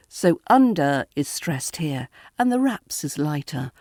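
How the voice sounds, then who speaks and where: A woman with a British RP accent teaching pronunciation in a deliberate, scripted lesson, modelling each word clearly. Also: fairly low pitch, sing-song, dark tone, no room sound, studio quality. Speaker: accent coach.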